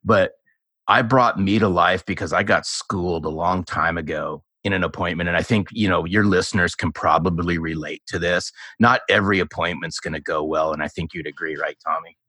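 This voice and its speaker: A man in his fifties, a guest author on a sales podcast, telling stories in a casual, animated way and acting out the dialogue. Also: low-pitched, brisk, husky, no room sound. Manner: animated storyteller, acts out quoted dialogue. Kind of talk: casual storytelling interview.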